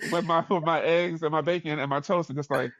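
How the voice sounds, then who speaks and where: Animated New York man telling a story. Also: no room sound. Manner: animated, acts out dialogue with quick shifts up in pitch, laughs often. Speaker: podcast guest. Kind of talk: casual storytelling in conversation. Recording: dull, dry podcast audio.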